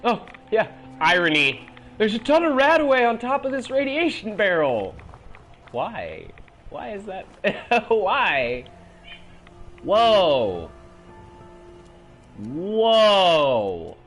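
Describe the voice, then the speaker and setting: A man's voice: high-pitched, wildly swooping pitch, drawn-out words, long pauses, fairly bright tone, faint music behind. A young man giving casual gameplay commentary as he plays, swearing a lot and shrieking when he is startled. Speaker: gaming video host.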